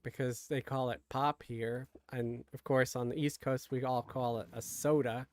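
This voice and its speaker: A man's voice: medium pitch, flat delivery, moderate pace, darkish tone, slight background noise. Rambling man from Queens gaming. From Queens, New York. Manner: rambling, self-deprecating storytelling. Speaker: gamer streamer. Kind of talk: casual chat while gaming.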